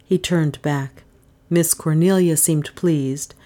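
A woman reading a novel aloud as a narrator, in a measured way, giving the characters modest voices of their own. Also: low-pitched, steady tone, dark tone. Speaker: audiobook narrator.

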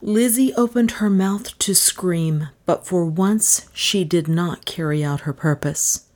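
A woman narrating an audiobook in a measured, even storytelling manner. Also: lowish voice.

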